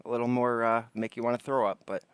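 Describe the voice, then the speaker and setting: A man's voice: medium pitch, little pitch movement, quick pace, smooth, dry recording. A man hosting a casual late-night livestream, joking around and greeting chatters by name from his porch. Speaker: livestream host. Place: outdoors on a porch.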